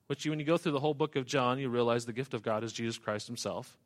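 A man's voice: mid-range voice, quick pace. A man preaching a sermon, walking through a scripture passage verse by verse and adding conversational asides. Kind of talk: expository sermon.

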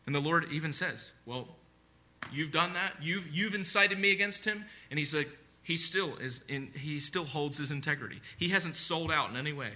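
A man's voice: a little high, moderate pace, sharp tone. A man preaching a sermon, speaking earnestly and conversationally with repeated phrases and asides. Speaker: pastor.

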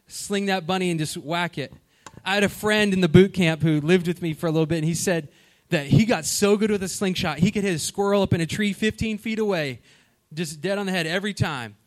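A man preaching a sermon, telling a story with animated delivery and questions to the congregation. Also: a little high. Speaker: pastor.

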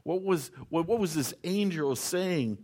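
A man's voice: on the high side, lively intonation, measured pace, darkish tone. Conversational man preaching a sermon. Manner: conversational, reads scripture then explains with personal stories. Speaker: pastor.

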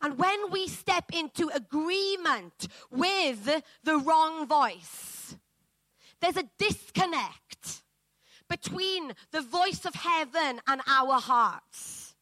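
Woman preacher, fairly high and bright, unhurried sermon delivery that builds to fervent emphasis. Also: animated, no room sound, rough recording. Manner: earnest, rises to fervent emphasis. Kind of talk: sermon with scripture reading. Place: church.

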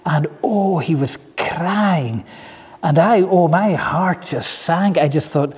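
A man preaching a sermon, telling stories in an earnest, heartfelt way with soft asides. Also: on the high side, takes it slowly, slightly rough, in a large hall. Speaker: pastor.

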